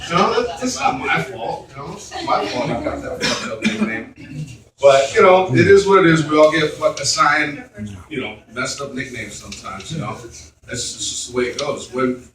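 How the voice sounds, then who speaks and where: A man's voice: fairly high pitch, expressive, moderate pace, a bit bright. A man doing stand-up, telling a long story full of swearing and fillers, with an audience laughing. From Mexican heritage. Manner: profane, rambling, many fillers. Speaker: stand-up comedian. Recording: roomy club recorded from a distance.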